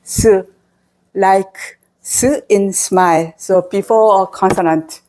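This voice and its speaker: A woman with a Korean accent leads a pronunciation lesson at a very unhurried pace. She drills each syllable again and again so learners can repeat it after her. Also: mid-range voice, fairly even intonation, warm tone. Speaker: Korean language teacher. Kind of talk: slow, patient pronunciation lesson.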